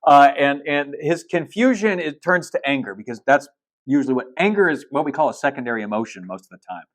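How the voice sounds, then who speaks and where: A man's voice: mid-range voice, expressive, quick pace. A male pastor preaching a sermon in a casual, storytelling way, retelling film scenes with blunt asides and restarts.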